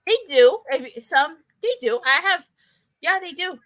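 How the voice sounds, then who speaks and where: A woman's voice: high-pitched, lively intonation, measured pace, sharp tone. A woman co-hosting a casual live wrestling watch-along, chatting in an easygoing way. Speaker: co-host.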